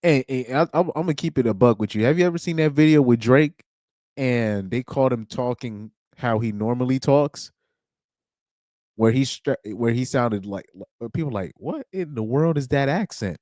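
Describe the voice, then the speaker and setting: A man's voice: medium pitch, normal speed, darkish tone, no echo, studio quality. A man hosting a casual livestream, rambling along with frequent restarts and chuckles. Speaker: livestream host.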